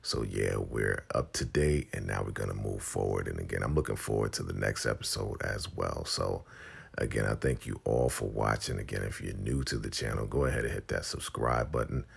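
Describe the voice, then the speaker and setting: A man casually recapping a TV episode, telling the story in an animated way and acting out the scenes as he goes. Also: rumbling low, fairly quick, vocal fry, husky. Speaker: TV recap vlogger.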